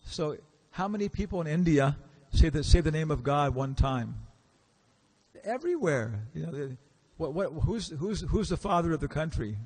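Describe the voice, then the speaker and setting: A man's voice: fairly high pitch, expressive, normal speed, a little mellow. A man giving a casual, storytelling lecture in a temple hall, acting out the characters he quotes and asking the audience questions. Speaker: visiting lecturer.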